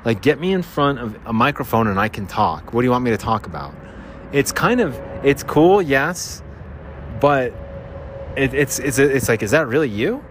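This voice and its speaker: A man's voice: mid-range voice, animated, moderate pace, fairly bright tone. Nasal man rambling outdoors by traffic. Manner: rambling, self-deprecating, jokey. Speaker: podcast host. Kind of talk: rambling casual monologue. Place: outdoors by a freeway. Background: traffic and motorcycles.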